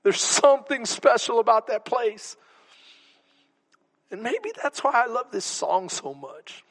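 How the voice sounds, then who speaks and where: A pastor preaching in a rather high voice, telling personal stories with open emotion and now and then dropping to a whisper. His sermon carries a long reverb, as if recorded in a big church hall. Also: sing-song, measured pace, fairly bright tone. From Texas. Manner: storytelling, emotional, whispers for emphasis.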